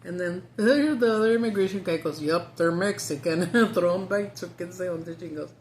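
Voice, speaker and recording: A woman's voice: fairly low pitch, moderate pace, a little mellow, slight background noise. A woman chatting casually as a vlogger, talkative, swearing freely and laughing often. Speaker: mukbang vlogger. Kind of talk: casual chat.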